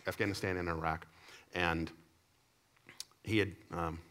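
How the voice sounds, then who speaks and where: A man preaching a sermon to his congregation. He tells stories animatedly, swinging between loud emphatic lines and low, quiet asides. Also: fairly even intonation, measured pace, slight background noise. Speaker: pastor. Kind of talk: sermon with storytelling.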